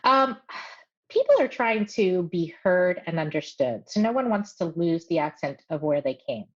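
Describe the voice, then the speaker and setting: A woman voice coach, a guest on a podcast, explaining her work in measured terms with light laughs. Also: on the low side, lively intonation. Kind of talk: casual podcast interview. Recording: slightly dull lo-fi audio.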